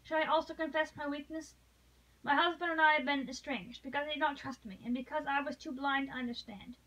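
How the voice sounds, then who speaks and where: A woman's voice: sits high, steady tone, a little fast, sharp tone, far from the mic, rough recording. A woman reading a desperate noble lady. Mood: pleading. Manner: impassioned, pleading. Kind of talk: read-aloud novel dialogue.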